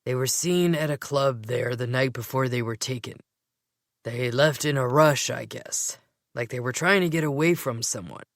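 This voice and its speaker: A woman voicing a laid-back, teasing young man who speaks in a slow drawl, in a dry, close recording. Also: rumbling low, no room sound, voice pushed down.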